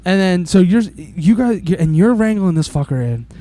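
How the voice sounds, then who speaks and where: A man's voice: sits high, lively intonation, moderate pace, warm tone, slight background noise. A man chatting casually with a friend, playful and swearing, reacting to the story. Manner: laid-back, swearing, playful. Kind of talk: casual chat.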